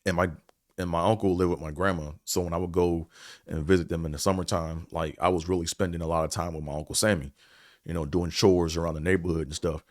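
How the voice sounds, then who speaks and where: A man's voice: sits low, steady tone, quick pace, dry recording, studio quality. A man hosting a podcast, telling a story and reflecting in a rambling, casual way, with many fillers and casual swearing. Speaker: podcast host.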